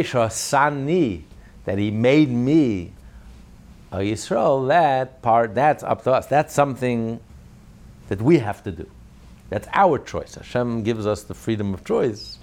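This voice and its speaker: A man's voice: medium pitch, lively intonation, measured pace, darkish tone. A man teaching a religious class as a rabbi, emphatic and rhetorical, illustrating points with stories.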